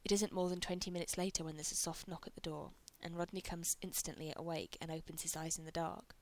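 A woman's voice: fairly low pitch, fairly even intonation, fast talker. A woman narrating a story aloud, reading with light character voices. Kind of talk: reading fan fiction aloud.

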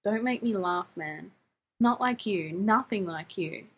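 A woman's voice: mid-range voice, a little slow, slightly rough. A woman voicing a weary, bruised young man who mutters, trails off and jokes wryly. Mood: tired, sheepish.

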